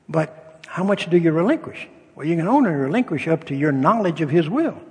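A man's voice: on the high side, vocal fry, breathy edge. An older man, a pastor, preaching a sermon in a folksy storytelling way, with humor and acted-out dialogue. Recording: long reverb of a hall.

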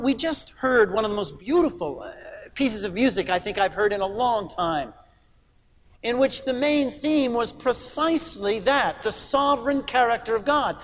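A man's voice: extremely high pitch, fairly bright tone, in a large hall. A middle-aged man preaching a sermon in a church, earnest and emphatic, posing rhetorical questions. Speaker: pastor.

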